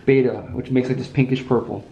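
A man in a casual family vlog, explaining things calmly and matter-of-factly. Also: mid-range voice, fast, creaky. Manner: calm, matter-of-fact explaining. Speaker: husband and dad. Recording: echoey room, off-mic.

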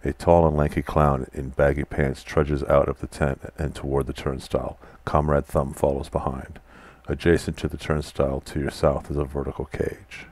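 A man's voice: rumbling low, flat delivery, normal speed, hardly any pauses, dry recording. A man playing a text adventure game, reading the game text aloud and chatting casually between commands. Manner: quiet, mutters typed commands. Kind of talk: casual let's-play commentary.

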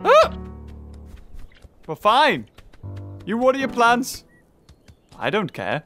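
A woman with a high-pitched, sharp voice gives casual let's-play commentary while gaming, teasing the characters playfully and often laughing and squealing at them.

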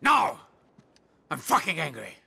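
An actor playing a volatile middle-aged mob boss father, menacing and swinging from mutters to shouts, in a video game cutscene. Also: a little high, huge pitch swings, measured pace, vocal fry, slight background noise, heavily acted.

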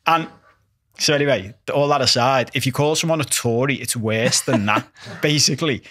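A man's voice: mid-range voice, normal speed, sharp tone, dry recording, studio quality. A young adult man co-hosting a casual podcast, swearing freely and building into mock-rousing rants. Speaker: podcast co-host.

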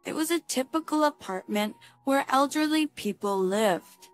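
Slow steady woman storyteller. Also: high-pitched, no room sound, soft background music. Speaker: narrator. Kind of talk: scripted story narration.

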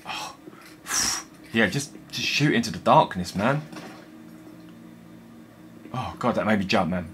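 A young man with a slightly low voice narrates his own horror-game playthrough. He mutters to himself, then yelps and swears when something startles him, all in an unscripted gaming-commentary way. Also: slow pace, long pauses, slight background noise. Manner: jumpy and excitable, swearing and talking to himself. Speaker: gaming video host. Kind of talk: let's play commentary.

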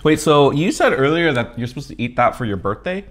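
Teasing young man with a lively voice. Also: on the high side, fairly quick. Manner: teasing, chatty, laughs often. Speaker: co-host of a mukbang channel. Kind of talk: casual chat while eating.

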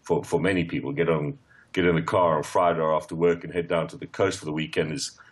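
Man, from South Africa, very low voice, football pundit, hesitant restarts. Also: level tone, quick pace. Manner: hesitant, many restarts and fillers. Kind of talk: radio phone-in discussion.

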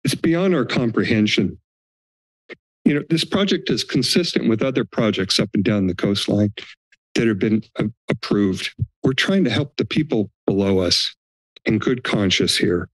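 A man's voice: lively intonation, normal speed, husky, dry recording, poor audio. Upset guy at public comment, pleading, voice going way up, dry mic. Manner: emotional, pleading, voice rising in pitch. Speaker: homeowner speaking at public comment. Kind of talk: public comment at a county board meeting. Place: county board chambers.

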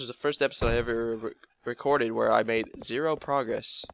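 A man giving casual, excitable commentary while playing a video game, swearing and thinking aloud. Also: medium pitch, a little fast, gravelly, slight background noise. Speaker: let's play gamer.

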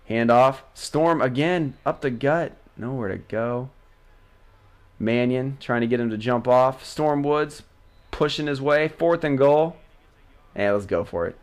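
A man casually commentating on a football video game he is playing, joking and yelling at big plays. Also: medium pitch. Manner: excitable, jokey, yells at big plays. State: losing his voice. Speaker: gaming channel host.

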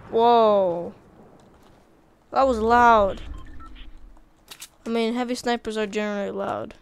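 A woman giving casual, chatty commentary while playing a video game, easily excited by what she finds. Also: a little high, takes it slowly, slight background noise. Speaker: gaming video creator.

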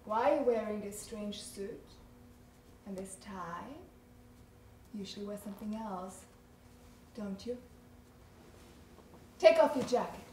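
A woman's voice: medium pitch, measured pace, pauses often, warm tone, a little hiss or hum, natural voice. A woman acting a coy, teasing married woman in a live stage play, performed theatrically on a small theater stage. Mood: seductive. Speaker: stage actress. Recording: echoey stage from far off.

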